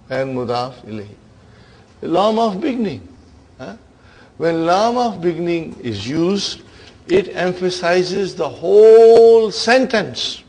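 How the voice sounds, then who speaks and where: Slow, fairly high-voiced man teaching grammar. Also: a little mellow, breathy edge. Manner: asks the class frequent checking questions. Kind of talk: classroom grammar lecture.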